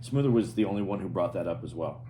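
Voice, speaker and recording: A man co-hosting a podcast, talking in a thoughtful, halting, earnest way. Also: sits low, expressive, warm tone, slight background noise. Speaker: podcast co-host. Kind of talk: casual podcast chat.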